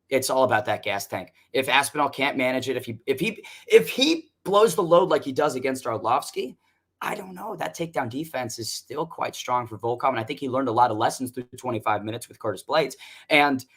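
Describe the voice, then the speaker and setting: A man's voice: mid-range voice, fairly bright tone. A man giving confident, casually profane fight analysis as a podcast guest.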